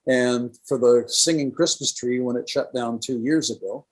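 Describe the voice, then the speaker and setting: A man's voice: medium pitch, moderate pace, poor audio. An older man, a retired radio professional, talking enthusiastically as a podcast guest. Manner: enthusiastic, tells stories with quoted dialogue. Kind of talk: casual interview conversation.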